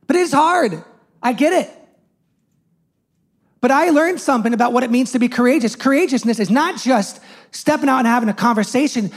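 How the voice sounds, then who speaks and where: A man in his thirties, a youth pastor, preaching a sermon in a conversational, joking storytelling way. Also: very high voice.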